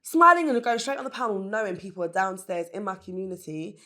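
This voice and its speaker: A woman's voice: mid-range voice, very animated, fast, pushed and bright. A woman who founded a business, talking candidly and earnestly as a podcast guest, often with fillers. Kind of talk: casual interview chat.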